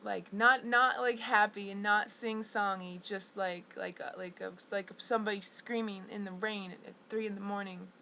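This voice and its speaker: A woman's voice: mid-range voice, fairly even intonation, creaky, sharp tone, slight background noise, rough recording. Woman rambling in an agitated monologue. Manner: halting and restless, with many restarts and fillers; agitated, indignant storytelling. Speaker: vlogger.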